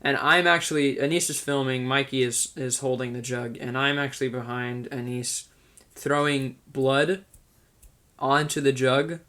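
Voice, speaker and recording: A man's voice: mid-range voice, steady tone, measured pace, sharp tone. Chatty man giving a director's commentary. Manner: chatty, laughs often, many restarts and "like". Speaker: video director and host.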